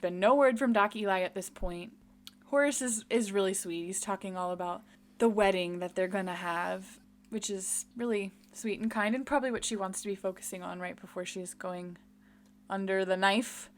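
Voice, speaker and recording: A woman co-hosting a podcast, retelling a TV episode in a chatty, animated way and laughing easily. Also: medium pitch, normal speed, slight background noise. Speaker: podcast co-host. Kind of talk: casual chat recapping a TV episode.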